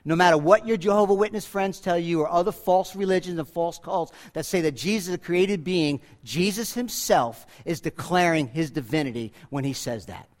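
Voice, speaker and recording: A man preaching a sermon to his congregation, swinging from loud, emphatic peaks to quiet asides. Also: fairly high pitch, normal speed, hardly any pauses. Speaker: pastor. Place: church.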